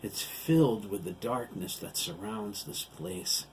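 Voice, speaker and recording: Guy narrator doing a gloating cruel giant, loud and mocking, pitch jumps way up when he crows. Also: takes it slowly, slight background noise. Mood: menacing. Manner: taunting, gloating. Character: gleeful cruel male giant, sneering villain.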